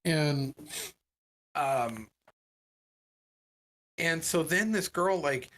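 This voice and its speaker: A man co-hosting a podcast, telling a story in casual chat and acting out the people he quotes. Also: drawn-out words. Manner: animated, voices quoted people with big pitch jumps. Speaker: podcast co-host.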